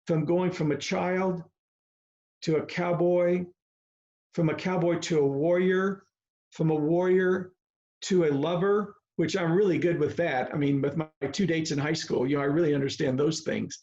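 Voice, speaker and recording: A man in his seventies, a retired baseball coach, telling folksy stories in a slow, deliberate way on a video call. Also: fairly high pitch, fairly even intonation, a little mellow. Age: 70s. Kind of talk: reflective talk on a video call. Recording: slightly muffled video call audio.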